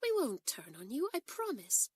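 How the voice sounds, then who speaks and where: A woman voicing a warm-hearted schoolgirl twin who speaks earnestly and coaxingly. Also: high-pitched, wildly swooping pitch, normal speed, slightly rough, dry recording, pitched above the performer's own voice, heavily acted.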